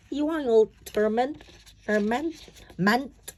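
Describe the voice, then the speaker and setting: High-pitched woman narrator, halting storybook read with many restarts. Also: a little mellow, a little hiss or hum.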